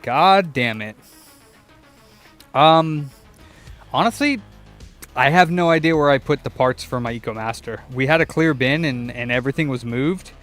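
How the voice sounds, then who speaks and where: A man's voice: medium pitch, normal speed, pauses often, a bit bright, soft background music. A young man running a repair shop, chatting casually and swearing while he searches for parts and works, talking to himself and his viewers. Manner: profane, rambling, talks to himself and chat. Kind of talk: casual livestream chat while working.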